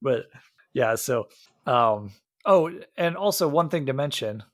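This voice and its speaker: A man's voice: medium pitch, lively intonation, measured pace, no echo, studio quality. A man from Iowa co-hosting a podcast, chatting casually about a movie with many fillers and restarts. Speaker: podcast co-host.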